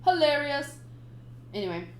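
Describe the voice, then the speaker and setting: A woman's voice: high voice, big pitch swings, moderate pace, echoey room. A woman giving playful, chatty commentary in a casual manga readthrough, adding her own sound effects. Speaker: manga reader, channel host.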